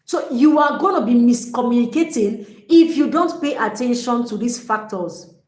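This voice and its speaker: A woman's voice: a little high, animated, normal speed, darkish tone. A woman life coach giving a live coaching talk to single women, speaking emphatically, repeating key phrases and addressing viewers directly. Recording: roomy echo.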